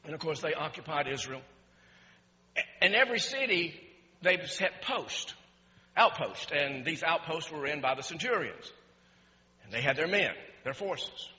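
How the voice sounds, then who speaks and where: A high, bright-voiced man preaching with real animation, his delivery climbing toward near-shouts. The sound is muffled and dull, with a long reverb trailing off every phrase in a large church hall. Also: expressive, unhurried, pauses often. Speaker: pastor. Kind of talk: sermon.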